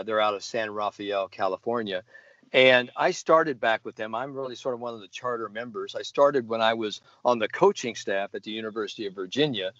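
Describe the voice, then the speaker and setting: A man's voice: lowish voice, a bit bright, no echo. An older man, a golf sports psychologist, telling stories in an interview, keen and full of fillers and restarts. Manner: enthusiastic storyteller, many fillers and restarts. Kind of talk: interview storytelling. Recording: dull lo-fi dry recording.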